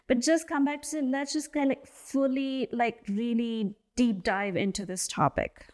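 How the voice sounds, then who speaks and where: A woman's voice: fairly high pitch, steady tone, moderate pace, a little mellow. A woman hosting a podcast interview, enthusiastic and casual, her talk full of likes and restarts. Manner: enthusiastic, casual, many "like" fillers. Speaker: podcast host. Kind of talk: conversational interview.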